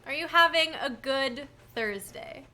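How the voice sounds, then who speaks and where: A woman's voice: high-pitched, a little slow, bright, forceful tone. A young woman giving playful let's-play commentary on a game and chatting to a viewer. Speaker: gaming streamer.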